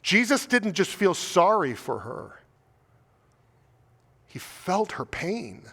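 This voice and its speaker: A man's voice: sits high, sing-song, takes it slowly, vocal fry, sharp tone, in a large hall. A man with an American accent preaching a sermon as pastor, earnest and pleading, piling up rhetorical questions and repeating his words. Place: church sanctuary.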